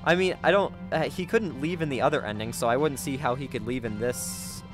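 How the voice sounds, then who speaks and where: A man giving let's play commentary as a gaming video creator, excitable, gasping and chatting to his viewers. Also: mid-range voice, fairly quick, over music.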